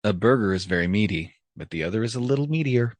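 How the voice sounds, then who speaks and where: Low-voiced man telling deadpan jokes. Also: fast talker, dry recording. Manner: deadpan joke delivery, laughs at own punchlines. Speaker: podcast co-host. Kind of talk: casual joke-telling chat.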